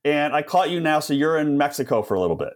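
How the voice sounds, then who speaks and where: A man's voice: on the high side, big pitch swings, quick pace. A man hosting a podcast, chatting casually and enthusiastically with a guest and laughing easily. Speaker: podcast host. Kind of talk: casual interview chat.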